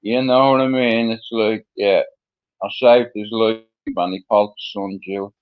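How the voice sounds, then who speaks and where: A man's voice: on the low side, fairly even intonation, moderate pace. Rambling Dublin man, dull lo-fi sound. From Ireland. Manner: rambling, with many fillers and swearing. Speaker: guest. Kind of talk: casual storytelling interview.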